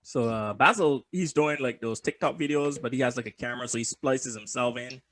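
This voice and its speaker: A man's voice: mid-range voice, a little fast, fairly bright tone, slight background noise. A young man co-hosting a podcast in casual chat, joking loosely, swearing freely and laughing often. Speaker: podcast co-host.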